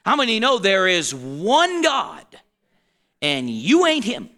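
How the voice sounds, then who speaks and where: A man's voice: high voice, wildly swooping pitch, slow, pushed and bright. A man in his forties preaching a conversational sermon to a congregation, often checking in with his listeners and laughing. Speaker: pastor.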